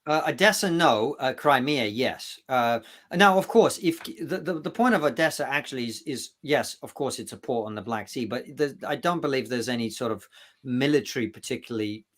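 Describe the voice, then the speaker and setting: A man with an ordinary mid-pitched voice talks as an interview guest. He is emphatic and sometimes stumbles and restarts mid-thought. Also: expressive, normal speed, a bit bright. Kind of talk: casual interview talk.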